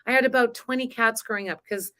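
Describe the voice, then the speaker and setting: Woman host of a spiritual live stream. Chatty, emotional, laughs often, slightly high voice. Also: fairly even intonation, quick pace, pushed and bright. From grew up on a farm. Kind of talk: casual live-stream talk.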